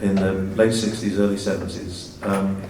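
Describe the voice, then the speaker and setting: A man's voice: deep voice, flat delivery, normal speed, a little mellow, a little hiss or hum. An English man in his sixties with a slightly Americanized accent, a guest actor telling stories with self-mocking humor in a stage Q&A. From England. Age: 60s. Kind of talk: stage Q&A conversation. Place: festival stage Q&A. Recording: roomy, distant mic, faint ambience.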